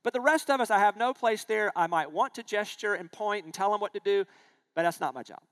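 A man, speaking high in his range as a pastor gives a sermon. He preaches conversationally, posing questions to the congregation and weaving in stories from his own life. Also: lively intonation, fairly quick, a bit bright. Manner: conversational preaching with rhetorical questions and personal anecdotes.

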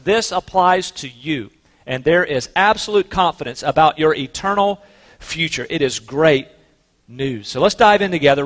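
Male pastor, high voice, relaxed storytelling sermon, big reverberant sanctuary. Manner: conversational storytelling with fillers and restarts.

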